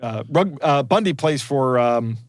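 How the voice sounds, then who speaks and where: A man's voice: medium pitch, animated, a little slow, no echo. A man co-hosting a podcast in casual chat, digressing and restarting his sentences, with a chuckle between points. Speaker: podcast co-host.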